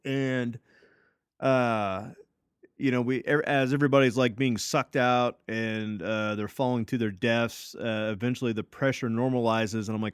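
Smooth-voiced man telling a story. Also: medium pitch, steady tone, a little slow, no room sound, studio quality. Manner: loose and profane, full of fillers and restarts. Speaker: podcast co-host. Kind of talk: casual storytelling.

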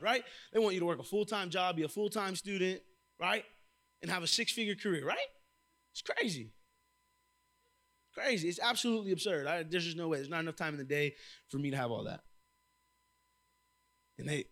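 A young man preaching a sermon, telling lively personal stories and calling out to the congregation. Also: sits high. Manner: lively storytelling with crowd call-outs. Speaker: church intern preaching.

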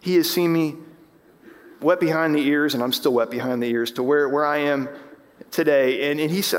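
A man's voice: fairly high pitch, normal speed, long reverb tail. A man preaching as pastor, impassioned, rising and falling with emphasis, often restarting his sentences. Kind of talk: sermon. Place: church sanctuary.

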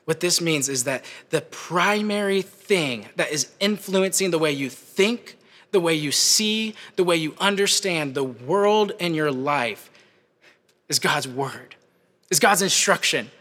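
Young male campus preacher, high, bright, animated sermon, hall reverb. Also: a little slow. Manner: animated, conversational, shouts at peaks.

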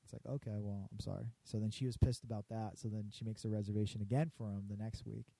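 Profane guy, dark voice. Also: on the low side, level tone, fast talker, vocal fry, breathy edge, no room sound. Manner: profane, storytelling, acts out customers. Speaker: barbershop worker. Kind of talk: casual chat.

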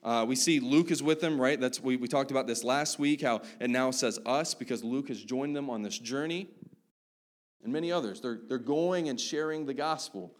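A man's voice: medium pitch, normal speed. A man preaching a sermon in a conversational style, often tossing in "right?" as he explains a Bible passage. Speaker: pastor.

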